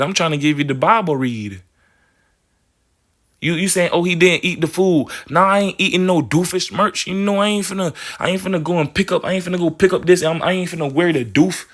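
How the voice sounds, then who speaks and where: A man's voice: on the high side, brisk, a bit bright. Rambling man preaching freewheeling spirituality. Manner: rambling, repeats "you feel me", plays with words; restarts and stammers on phrases. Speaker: spiritual speaker.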